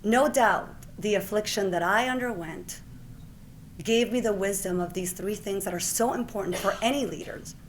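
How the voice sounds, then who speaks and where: A woman in her forties from Puerto Rico gives an awards speech in a mid-pitched voice. She tells her story with lively warmth and often slips into acting out the conversations she recalls. A faint hum of noise sits under her voice. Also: normal speed. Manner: lively storyteller who acts out the exchanges she retells. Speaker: award recipient giving a speech.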